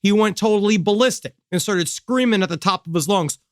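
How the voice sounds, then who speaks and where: Male comedy podcast co-host, higher voice, excitable riffer, dry studio sound. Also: a little fast, dry recording. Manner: excitable, riffing, jokey. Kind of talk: casual comedy podcast chat.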